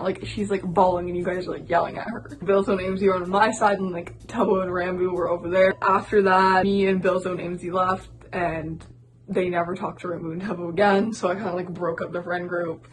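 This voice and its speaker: A woman's voice: on the low side, fairly even intonation, a little fast, a little hiss or hum, low-quality recording. A young woman vlogger telling a story casually, with "like" in nearly every phrase. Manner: filler-heavy, constant "like". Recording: music playing behind.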